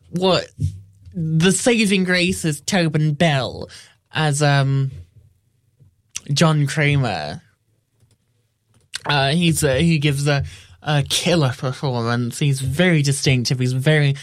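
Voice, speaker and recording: A man giving a casual spoken film review, wry and rambling, often restarting his sentences. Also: medium pitch.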